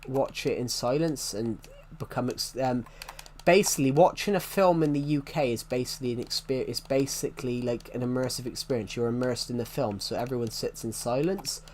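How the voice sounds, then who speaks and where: A man's voice: medium pitch, a little fast, hardly any pauses, darkish tone, a little hiss or hum. A young man from the UK with a strong regional British accent, chatting casually with viewers on a game stream. He rambles and corrects himself as he answers chat. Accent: British regional, strong R sounds. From United Kingdom. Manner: rambling, self-correcting, answers chat questions as they come.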